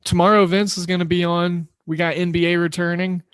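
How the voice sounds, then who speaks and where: Casual sports betting podcast host, dry sound. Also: male voice, high-pitched, flat delivery, fairly quick, clear, resonant tone, dry recording. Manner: loose, rambling, self-deprecating. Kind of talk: casual solo podcast talk.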